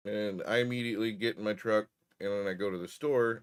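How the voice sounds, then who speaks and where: A man's voice: fairly low pitch, fairly even intonation, brisk, hardly any pauses, clean tone. A man telling a story in casual chat, profane and wry.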